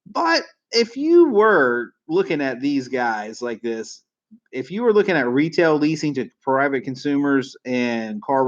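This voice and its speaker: A man's voice: medium pitch, muffled recording. A man hosting a live stream about the car business, talking in a blunt, folksy, casual way with some cursing.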